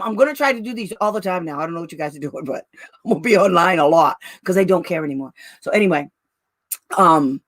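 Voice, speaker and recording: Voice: mid-range voice, a bit bright, no room sound, studio quality. A special education advocate in casual livestream talk with parents, blunt and brash, laughing often and calling listeners "girl" and "honey".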